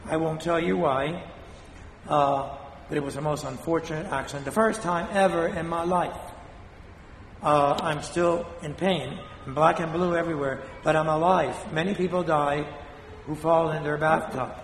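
Blunt older priest in an echoey church. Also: male voice, on the high side, fairly even intonation, creaky, a little hiss or hum. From Spain. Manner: blunt, scolding, dramatic pauses. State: weakened voice after a fall. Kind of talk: sermon. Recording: echoey hall from a distance.

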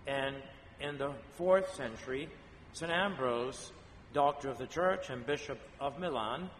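Male priest, measured homily delivery, long church reverb, faint hiss. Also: mid-range voice, a bit bright. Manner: slow, measured storytelling with frequent pauses and fillers. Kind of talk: homily on a saint's feast day.

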